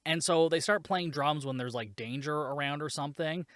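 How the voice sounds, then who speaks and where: A man's voice: a little high, normal speed, a bit bright, dry recording, clean studio sound. A man hosting a solo movie podcast, recapping the plot in a sarcastic, swearing, casual way. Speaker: podcast host reviewing a movie.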